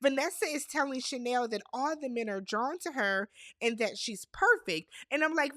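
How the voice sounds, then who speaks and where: A woman giving casual, sassy commentary as she recaps a reality show, with animated reactions and slang asides. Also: sits high, moderate pace, dry recording, clean studio sound.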